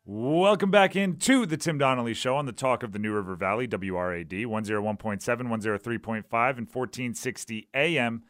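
A man's voice: medium pitch, a little fast, hardly any pauses, fairly bright tone, dry recording. A man hosts a sports talk radio show and riffs on trades in a casual monologue. He talks conversationally and keeps checking in with the listener. The sound is dry and close, with no room around it. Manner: conversational, keeps asking "right?".

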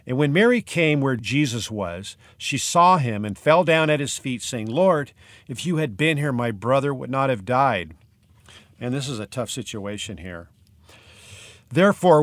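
A man preaching a sermon, reading scripture aloud with slow, earnest emphasis and talking in a conversational way between passages. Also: mid-range voice, dry recording. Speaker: pastor.

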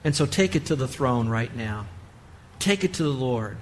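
A man's voice: mid-range voice, lively intonation, moderate pace, slight background noise. A man preaching as a pastor, leading an earnest altar call that rises to fervent exhortation. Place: church sanctuary.

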